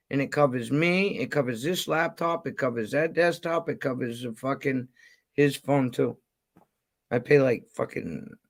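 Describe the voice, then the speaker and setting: A man's voice: mid-range voice, gravelly. A man ranting and telling stories in casual chat, profane and rambling, heated at times. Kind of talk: casual storytelling rant.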